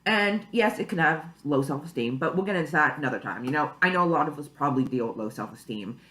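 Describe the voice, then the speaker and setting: Young woman rambling to her camera, low voice, lots of "like" and "you know", echoey room. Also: lively intonation, quick pace, a bit bright. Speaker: vlogger. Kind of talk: casual to-camera vlog. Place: at home, early morning. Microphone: camera mic.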